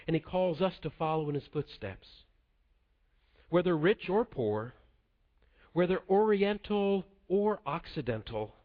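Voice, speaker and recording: Earnest male preacher, lo-fi sound. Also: a little high. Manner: measured, earnest delivery dropping soft at the close. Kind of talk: sermon. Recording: dull lo-fi sound.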